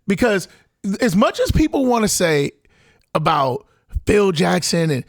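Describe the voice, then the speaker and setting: A man co-hosting a podcast, chatting about sports in an animated way, often laughing and talking over his partner. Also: sits high, measured pace, no room sound, studio quality. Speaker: podcast co-host. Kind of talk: casual sports chat.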